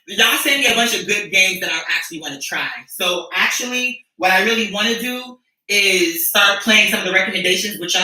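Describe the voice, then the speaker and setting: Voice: medium pitch, pushed and bright. Sassy, rambling streamer in an echoey room. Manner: rambling, sassy and profane, often restarts. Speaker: streamer and musician. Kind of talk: casual chat with viewers. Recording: echoey room, mic at a distance.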